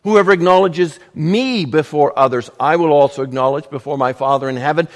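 Man preaching, emphatic, in a reverberant hall. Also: on the high side. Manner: emphatic, measured, dramatic pauses, rhetorical questions. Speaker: pastor. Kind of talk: sermon.

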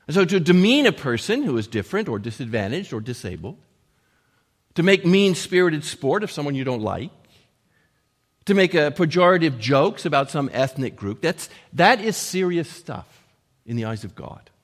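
A man preaching a sermon, earnest, raising his voice for quoted lines and dropping to a hush at the ends of points. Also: fairly high pitch, big pitch swings, moderate pace. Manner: earnest, rising to emphatic quotes and dropping to hushed endings. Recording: long hall reverb.

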